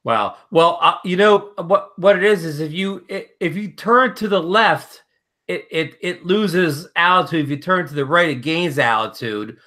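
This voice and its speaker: A man's voice: a little high, expressive, normal speed, sharp tone. A man co-hosting a casual live chat, talking hesitantly with stammered restarts. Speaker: co-host.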